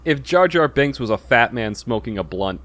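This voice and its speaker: Man of middle pitch reading aloud. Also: big pitch swings, normal speed, fairly bright tone. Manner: stumbles over words, laughs, swears at himself. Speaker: podcast host. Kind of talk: casual podcast chat and reading aloud.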